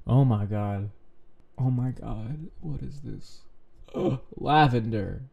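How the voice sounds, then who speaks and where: A man reading an online story aloud and reacting with loud, exasperated outbursts. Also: mid-range voice, takes it slowly, gravelly, highs cut off.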